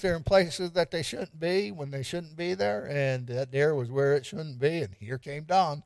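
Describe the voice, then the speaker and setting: A man's voice: on the high side, a little slow, gravelly, darkish tone, dry recording. Guy preaching a sermon, chatty and joking, keeps asking the room stuff, dry sound. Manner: asks the congregation questions, repeats for emphasis, light humor. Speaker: pastor.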